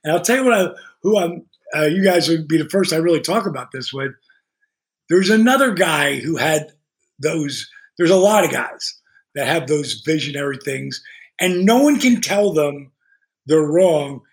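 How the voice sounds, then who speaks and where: High-ish guy on a podcast telling stories, cursing a lot, acting out who said what. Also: moderate pace. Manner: animated, swears freely, acts out dialogue. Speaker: podcast guest. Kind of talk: casual storytelling.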